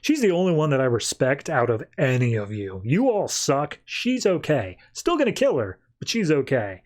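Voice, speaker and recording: A man's voice: fairly high pitch, big pitch swings, normal speed. A man voicing a boastful male villain who wants to kill all the gods, talking bluntly in casual slang. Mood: irritated.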